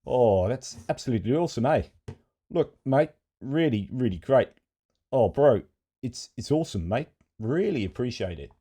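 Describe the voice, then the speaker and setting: A man's voice: mid-range voice, expressive, normal speed, dark tone, husky, voice pushed up. A man voicing a jovial New Zealand bloke with a New Zealand accent, thanking a friend in exaggerated, jokey slang.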